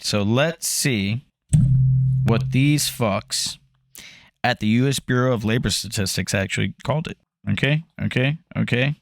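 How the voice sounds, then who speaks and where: A man's voice: mid-range voice, unhurried, gravelly, dry recording. Profane, laughing man on a dry mic. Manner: loose and profane, often laughing. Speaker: co-host of a real estate market update. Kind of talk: casual podcast chat.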